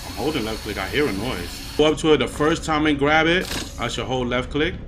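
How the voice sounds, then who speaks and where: A young man streaming and chatting casually, excitable and slangy with emphatic outbursts. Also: medium pitch, a little fast, noisy background. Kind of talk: casual gaming and anime chat.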